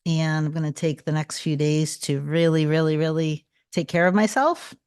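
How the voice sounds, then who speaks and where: A woman's voice: low voice, normal speed, a little mellow, clear, resonant tone, dry recording, studio quality. A tired woman talking casually to viewers on a livestream, greeting them by name and repeating phrases. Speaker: manifestation coach hosting a livestream.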